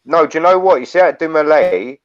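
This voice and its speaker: A man's voice: on the high side, fairly quick. A man hosting a live stream, chatting bluntly and matily with callers and swearing often. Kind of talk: casual chat. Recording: dull lo-fi audio.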